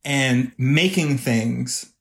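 A man appearing as a guest on a casual podcast talks about making videos, earnest, reflective, and openly emotional. His mid-range voice is gravelly, and he speaks extremely slowly.

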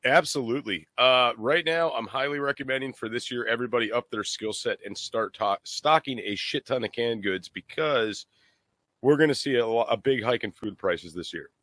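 A man's voice: mid-range voice, moderate pace, pushed and bright, no echo. A man on a podcast talking in a blunt, matter-of-fact way, swearing casually as he chats and gives prepping advice. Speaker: prepper guest co-host.

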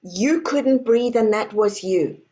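A woman author guesting on an interview, speaking calmly and deliberately in guiding affirmations. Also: fairly high pitch, muffled recording. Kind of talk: guiding, coaching talk.

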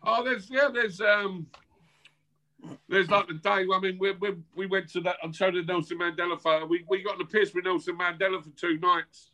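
A man's voice: high voice, steady tone, moderate pace, pushed and bright, rough recording. Brash South London man in his fifties. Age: 50s. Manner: brash, swearing, laughing banter. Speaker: guest, former footballer. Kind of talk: casual chat. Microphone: video call.

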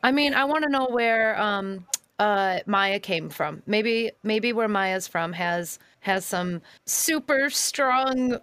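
A woman's voice: medium pitch, expressive, takes it slowly, fairly bright tone, clean tone, no echo. A woman co-hosting a casual TV recap podcast, emotional and thinking aloud. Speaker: podcast co-host.

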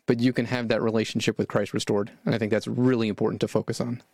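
A man hosting a casual faith talk, speaking in a calm, reassuring way. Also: lowish voice, fast talker, no room sound.

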